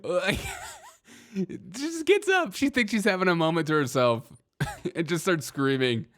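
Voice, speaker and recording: A man's voice: high voice, lively intonation, a little slow, fairly bright tone. A man hosting a comedic news commentary show, riffing, laughing often and repeating himself as he reacts. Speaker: show host.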